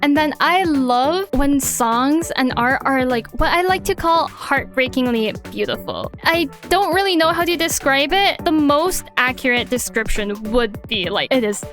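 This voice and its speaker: A woman's voice: high-pitched, animated, a little slow, few pauses. A woman introducing herself to viewers in a casual, rambling way, giggling and correcting herself as she goes. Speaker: VTuber debuting her channel. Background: soft background music.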